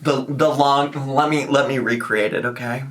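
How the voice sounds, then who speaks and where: A young man reacting to a video in casual, rambling commentary. His voice is bright and forceful, and he swears freely and laughs often. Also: medium pitch, steady tone, moderate pace.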